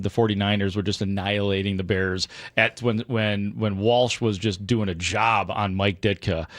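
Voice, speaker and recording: A male sports radio host with a fairly low voice, talking in a dry, close studio sound. He rambles and restarts his sentences as he builds his argument. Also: a bit bright, no echo.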